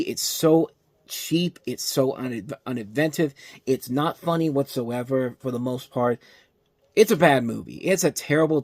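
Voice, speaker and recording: A man's voice: mid-range voice, no room sound. A man hosting a movie review show, ranting with exasperation and often restarting his sentences. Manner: animated ranting, exasperated, self-interrupting. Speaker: film review show host. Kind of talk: casual movie review monologue.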